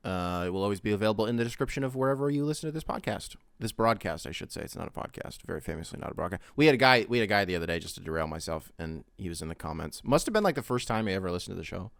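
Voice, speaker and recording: A young man hosts a casual solo podcast in a fairly low voice. He rambles and swears, jumping from loud bursts to mumbled asides. He is recorded close on the mic in a dry room. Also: animated, rapid-fire, gravelly, few pauses, smooth, dry recording. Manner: rambling, swears often, mimics voices in quotes. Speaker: podcast host.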